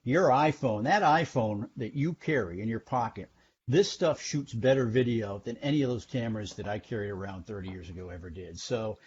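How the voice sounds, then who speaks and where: A television journalist in his sixties, speaking in a lowish voice at normal speed, tells stories as a guest in a casual interview over a video call from home. He's chatty and self-deprecating with many restarts. The call audio is dull and lo-fi, with a little hiss or hum.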